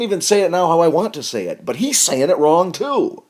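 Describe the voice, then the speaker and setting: A middle-aged man rambles through a comic monologue in a deadpan, wandering way. His pitch jumps around a lot, swinging from low mutters to sudden loud mock-shouted lines. The talk is loose and unscripted. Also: moderate pace, hardly any pauses. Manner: deadpan, meandering, bursts into loud mock-shouted line readings. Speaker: comedian, podcast host.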